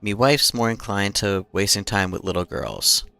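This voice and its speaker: A man voicing a huge, gruff Irish-sounding guard with a rough, threatening brogue. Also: on the low side, normal speed, bright, forceful tone, dry recording, soft background music. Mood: menacing.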